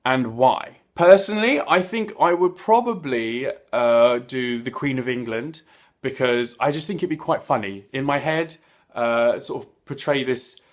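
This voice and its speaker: A man reviewing an episode in a casual, chatty way, gushing and breaking into sudden loud exclamations. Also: medium pitch, unhurried. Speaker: video reviewer. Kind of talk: casual chat.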